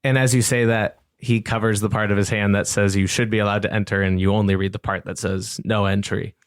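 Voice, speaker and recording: A man narrating as game master of a tabletop game, relaxed and easygoing. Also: on the low side, fast, no room sound, clean studio sound. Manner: relaxed, laughs between narration.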